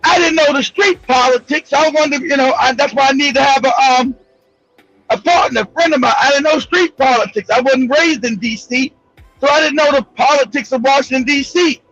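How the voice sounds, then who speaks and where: Brash LA man hosting, gravelly, loud, swearing, laughing through his stories. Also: very high voice, fairly quick, dry recording, dull audio, faint music behind. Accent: Los Angeles. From Los Angeles. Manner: profane, animated, laughs often, loud outbursts. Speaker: show host. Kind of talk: storytelling monologue.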